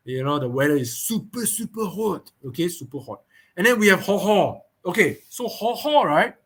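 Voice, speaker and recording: A man's voice: high-pitched, a bit bright. A man with a Singaporean English accent hosting a casual podcast preview, chatty, repeating words and checking in with listeners. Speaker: host.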